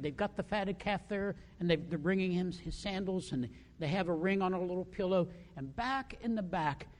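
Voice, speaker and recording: A male pastor preaching a sermon in a church, animated and acting out the characters in the story. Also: high voice, big-room sound. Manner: animated, acts out quoted characters.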